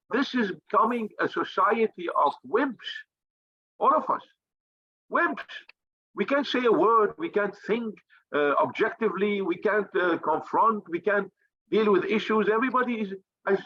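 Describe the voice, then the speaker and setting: Male speaker, high pitch, combative and profane, hammers his points by repeating them, muffled lo-fi recording. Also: breathy edge. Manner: blunt, profane, combative, emphatic repetition. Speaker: think tank leader. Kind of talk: fiery motivational talk.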